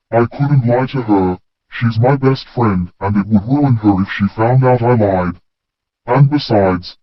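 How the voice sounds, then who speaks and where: Low-voiced man reading a story. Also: dry recording. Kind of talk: first-person story reading. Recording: dull, dry lo-fi recording.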